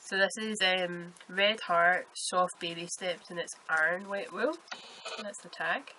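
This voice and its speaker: A woman's voice: on the low side, unhurried, sharp tone, slight background noise, rough recording. A woman with a Scottish accent hosting a podcast, chatting casually and telling rambling stories. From Scotland. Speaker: podcast host. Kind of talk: casual chat.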